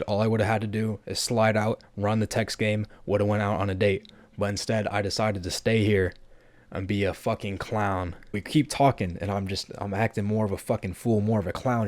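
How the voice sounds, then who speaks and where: A brash young man in his twenties tells a story in a profane, rapid-fire rush. His voice sits a little low. The sound is dry and close to the mic. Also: darkish tone, no room sound. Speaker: vlogger. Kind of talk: storytelling vlog.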